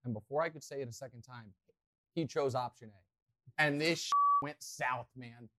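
A man hosting a podcast, telling a rambling, self-mocking story with lots of excitement. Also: mid-range voice, normal speed, slight background noise. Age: adult, past college. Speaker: podcast host. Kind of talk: animated storytelling.

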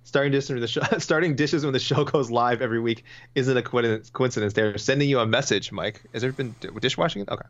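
A man's voice: mid-range voice, fast, few pauses, dull audio. A man co-hosting a podcast in casual chat, reading out listener comments and rambling between them.

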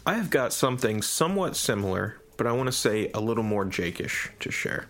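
Animated, low-voiced podcast co-host. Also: male voice, brisk. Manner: animated storyteller, enthusiastic. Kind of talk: casual chat.

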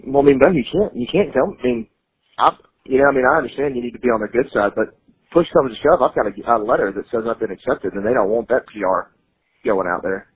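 Fast-talking young man on a phone line. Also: medium pitch, slightly rough. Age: young adult. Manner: defensive, frustrated, swears. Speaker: law student son on a phone call. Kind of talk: recorded phone call.

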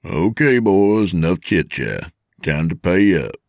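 A man's voice: deep voice, sing-song, takes it slowly, exaggerated voice. A man voicing a wisecracking trucker close to fifty, who teases with sarcasm. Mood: brisk. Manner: sarcastic, teasing. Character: wisecracking middle-aged male trucker, nearly fifty.

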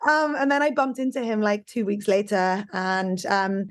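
A woman hosting a podcast, telling a personal story in chatty, high-energy conversation. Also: fairly even intonation, moderate pace. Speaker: podcast host. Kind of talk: casual podcast chat.

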